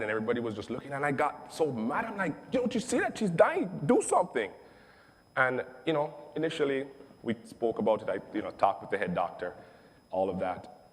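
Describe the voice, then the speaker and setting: Emphatic man in echoing room. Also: on the low side. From Jamaica. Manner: emphatic, animated, repeats phrases. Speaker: online seller telling his story. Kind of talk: testimonial storytelling. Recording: long echoing reverb.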